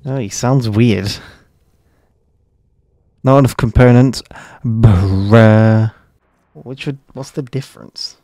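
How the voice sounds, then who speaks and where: A man's voice: medium pitch, measured pace, long pauses, warm tone, dry recording, clean studio sound. A man casually commenting on his gameplay, joking and swearing at a desk microphone. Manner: joking, swearing, reacting freely. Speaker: streamer.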